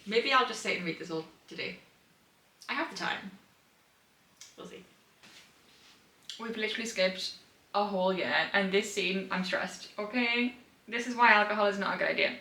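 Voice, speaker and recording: A young woman chatting casually on a reading vlog at home, gushing and excitable, with many fillers. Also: mid-range voice, slight background noise. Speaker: book vlogger. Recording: roomy sound from a distant mic.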